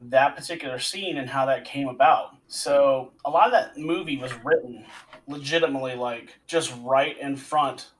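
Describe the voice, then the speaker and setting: A man's voice: mid-range voice, moderate pace, a bit bright, far from the mic, a little hiss or hum, rough recording. A man co-hosting a movie podcast who tells behind-the-scenes stories in casual chat. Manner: storytelling, explains with trivia. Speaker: podcast co-host.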